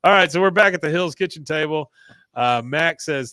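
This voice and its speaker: A man's voice: fairly high pitch, pushed and bright, no echo, studio quality. A man in casual chat, retelling a cartoon episode scene by scene and briefly acting out the characters' lines. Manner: acts out quoted characters in quick snippets. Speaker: podcast host recapping an episode.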